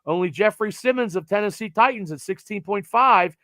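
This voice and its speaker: Rambling, fairly high-voiced male podcast host. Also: brisk, no room sound. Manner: rambling, animated, trails off with fillers. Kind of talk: casual sports chat.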